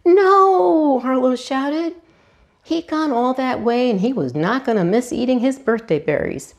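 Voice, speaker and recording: A woman volunteer reading a children's storybook aloud, animated and asking her young listeners questions. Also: on the high side. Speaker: hospital volunteer reader.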